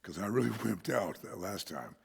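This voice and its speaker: A male pastor preaching a sermon, swinging from shouts to whispers and laughing often. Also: lowish voice, expressive, moderate pace, creaky, slightly rough, long reverb tail. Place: church sanctuary.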